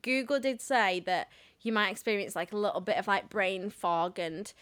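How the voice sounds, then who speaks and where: A woman's voice: mid-range voice, normal speed, fairly bright tone. A young woman co-hosting a podcast in casual chat, giggly and swearing freely as she tells stories. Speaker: podcast co-host.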